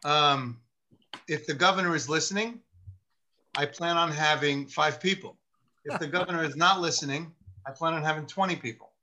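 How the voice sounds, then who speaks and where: Animated New storyteller, bright voice. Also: male voice, on the high side, moderate pace. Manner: animated storyteller who acts out the voices of others. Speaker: retired police officer telling stories. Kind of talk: casual storytelling chat.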